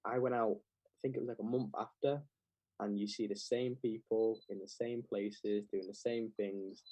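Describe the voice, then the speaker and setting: A man's voice: lowish voice, fairly even intonation, normal speed, warm tone, dry recording, low-quality recording. A young man, chatting casually as a podcast guest and scattering "like" through his sentences. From England. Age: young adult. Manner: rambling, heavy with "like" fillers. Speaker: clothing brand founder, guest.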